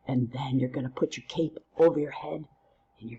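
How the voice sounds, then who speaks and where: A woman teaching a recorded lesson through counting drills, playful and quick to use silly memory tricks. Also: extremely low pitch, creaky, darkish tone, breathy edge, dull audio. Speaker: Spanish teacher.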